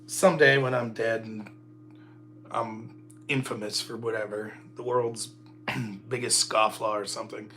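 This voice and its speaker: Middle-aged male streamer, casual self-mocking chatter, bright voice, faint music under. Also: medium pitch. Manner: joking, rambling, self-mocking. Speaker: livestream host. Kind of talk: casual solo livestream chat.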